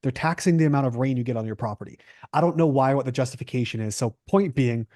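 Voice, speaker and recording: Canadian man, nutritionist guest, emphatic and questioning, warm tone, dry close sound. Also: medium pitch, quick pace, dry recording. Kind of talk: podcast interview.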